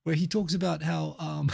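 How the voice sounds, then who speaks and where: A middle-aged man from New Zealand runs a casual live stream, chatting loosely and answering viewer comments as they arrive. His voice sits slightly high for a man and has a heavy gravelly fry. The tone is husky throughout. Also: mellow.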